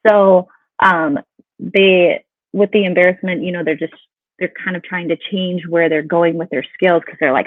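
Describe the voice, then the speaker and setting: Female guest, conversational and relaxed, dry phone-line sound. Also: lowish voice, moderate pace, no room sound. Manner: conversational, many fillers like "you know". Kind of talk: casual interview.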